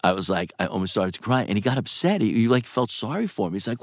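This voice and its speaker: A man in his sixties from New with a gravelly voice, animatedly telling stories in a casual interview. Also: brisk, few pauses, no echo, studio quality. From New York. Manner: animated, swings pitch for quoted voices. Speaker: actor guest.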